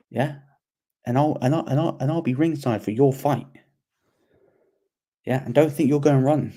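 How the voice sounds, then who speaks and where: A man co-hosts a casual sports podcast, talking in an animated, rambling way. He often repeats himself as he builds a point. His voice is mellow and warm at a middle pitch. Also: moderate pace, pauses often. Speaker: podcast co-host.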